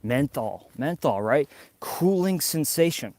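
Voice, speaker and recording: A New York man hosts a casual live vlog outdoors in the snow, chatting to viewers in a rambling way and sounding a little out of breath as he walks. His voice is fairly high and slightly mellow, with lively intonation and an unhurried pace. There's slight background noise.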